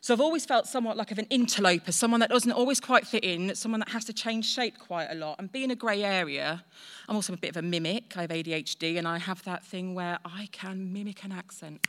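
A woman's voice: mid-range voice, fast talker. A woman in her forties telling a personal story in a chatty, self-deprecating way. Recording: long hall reverb.

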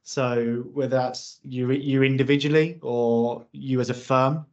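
Male podcast host, friendly questions, middle pitch. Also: steady tone, a little slow, darkish tone. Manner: affirming, restarts words often. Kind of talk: casual interview hosting. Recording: slightly dull lo-fi sound.

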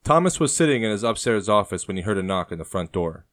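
Deep-voiced man narrating a story. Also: very animated, fast, a bit bright. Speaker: audiobook narrator. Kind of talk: scripted narration.

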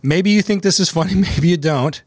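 A man's voice: sits high, brisk, a little mellow, husky, no echo. A man hosting a legal talk show in a studio, chatting casually and sarcastically, laughing at his own story. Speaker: attorney and podcast host. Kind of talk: casual chat. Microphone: studio microphone.

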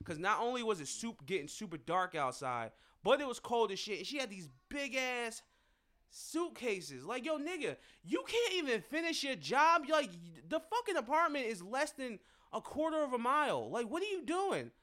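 A young adult man, a podcast co-host, telling a story in casual, animated, profane chat. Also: very high-pitched, normal speed.

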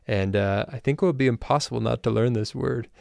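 A man hosting a language-learning podcast, explaining things in a relaxed, casual way with loose fillers. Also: mid-range voice, brisk, vocal fry, no room sound, studio quality. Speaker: language teacher and podcast host. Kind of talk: casual spoken lesson.

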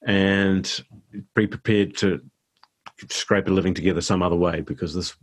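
A middle-aged New Zealand man with a low voice chats as a guest actor in a casual interview. He speaks at a moderate pace and comes across relaxed and self-deprecating.

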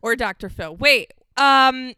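Very bright, crisp-voiced woman podcast host. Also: sits high, animated, no room sound. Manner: enthusiastic, chatty, quick to praise. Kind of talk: casual chat.

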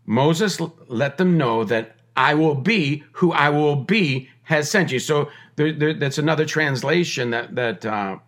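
A man's voice: fairly high pitch, a little slow, few pauses, fairly bright tone. A middle-aged man giving a podcast sermon, emphatic and repetitive, with conversational joking asides. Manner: emphatic preaching with repeated phrases and restarts. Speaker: podcast preacher.

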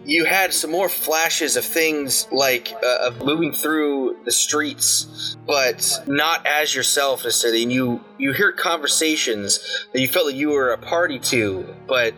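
A man's voice: medium pitch, expressive, measured pace, bright, forceful tone, soft background music, rough recording. A man as game master narrating a tabletop role-playing game, rambling with many fillers. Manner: rambling, filler-heavy, lots of "like" and restarts.

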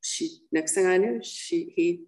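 A woman's voice: on the low side, measured pace, darkish tone, low-quality recording. An older American woman frankly telling her own life story in an interview, full of ums and acted-out quotes. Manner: blunt, frank, acts out quoted voices, frequent ums. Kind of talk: candid personal storytelling.

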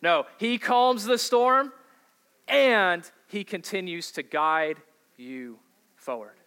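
Slow, bright-voiced male pastor. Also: sits high, clear, resonant tone. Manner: conversational preaching, asks the congregation questions. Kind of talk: sermon.

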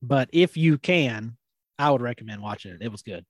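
A man's voice: mid-range voice, lively intonation, normal speed, no echo, clean studio sound. A man co-hosting a casual podcast chat, joking with friends and recommending old shows in loose, rambling sentences. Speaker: podcast co-host.

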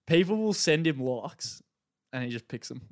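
A man who is a guest on a casual podcast. He tells lively stories, acts out quotes in other voices and laughs often. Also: a little high, moderate pace. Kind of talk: casual chat.

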